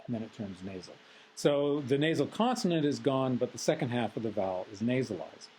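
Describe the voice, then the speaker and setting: Measured, analytical male lecturer. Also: medium pitch, expressive, a little mellow, slight background noise, poor audio. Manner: measured and analytical, with frequent filler sounds. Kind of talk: recorded phonetics lecture.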